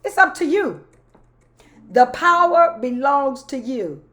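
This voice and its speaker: A woman's voice: high voice, big pitch swings, slow pace, a bit bright. A middle-aged woman pastor talking straight to her viewers in a folksy way, often saying y'all, and building into a rhythmic preaching cadence. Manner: folksy, talks straight to listeners with repeated y'all. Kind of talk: sermon-style live talk to viewers.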